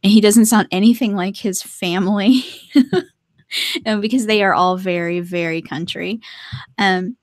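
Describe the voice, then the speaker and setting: A young woman chats to her viewers from her art desk at home, chatty and quick to laugh between sentences. Her voice sits at an average pitch, and the sound is dry and close with no room echo. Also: steady tone. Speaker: artist live-streaming to viewers. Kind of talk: casual live-stream chat.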